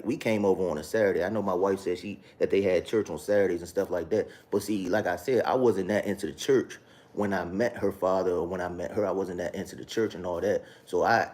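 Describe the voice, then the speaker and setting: A man sharing his personal testimony in a casual, halting way, circling back and repeating himself, with street slang. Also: deep voice, darkish tone.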